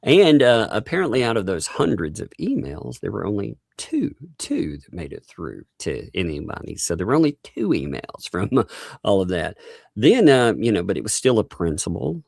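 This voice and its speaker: Low-voiced man laughing through rambling chat. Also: huge pitch swings, moderate pace, creaky, a little mellow, dry recording, studio quality. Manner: laughs often, rambling with restarts. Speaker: host. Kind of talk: casual livestream chat.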